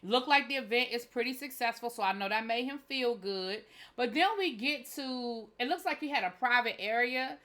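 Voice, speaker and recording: A young woman with a bright, forceful voice, chatting candidly through a reality-TV recap. She talks loosely and informally, often restarting her sentences, and sits a little above the usual pitch for a woman. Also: normal speed. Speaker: TV show reviewer. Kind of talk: casual reality-TV recap commentary.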